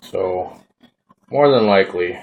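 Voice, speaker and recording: This vaping hobbyist from Minnesota speaks slowly in a low, darkish voice with a Minnesotan accent. He rambles in a relaxed, folksy manner while giving a casual hands-on demo of his gear for his vlog.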